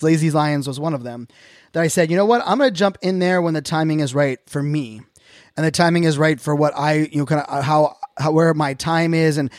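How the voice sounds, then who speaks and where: Earnest high-voiced man, dry close sound. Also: no room sound. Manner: earnest, openly reflective, talks in loose restarts. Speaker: podcast host. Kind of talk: casual solo podcast monologue.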